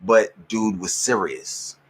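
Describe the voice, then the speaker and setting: A man in casual chat, joking and slowing down for punchlines. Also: lowish voice, expressive.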